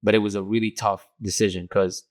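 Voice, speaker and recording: A young man, a music studio engineer, telling anecdotes in a casual podcast chat, animated and quick to laugh. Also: on the low side. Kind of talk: casual storytelling.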